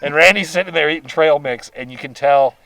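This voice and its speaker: A man's voice: fairly high pitch, a little fast, vocal fry, no echo, distant mic, poor audio. American male host, easygoing yarn-spinner, laughs often, now and then drifts off-mic. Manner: animated, laughs while telling stories. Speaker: podcast host. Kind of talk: casual storytelling chat.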